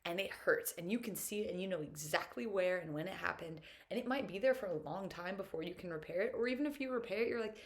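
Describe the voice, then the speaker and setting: A young woman speaks in a loose, rambling monologue, her pitch sitting in an ordinary middle range. She sounds upbeat and talkative, sprinkling fillers through every thought. There is an earnest, openly emotional streak under the cheer. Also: quick pace, hardly any pauses. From United States. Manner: chatty and upbeat, full of "like" fillers. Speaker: vlogger. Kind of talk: casual reflective monologue.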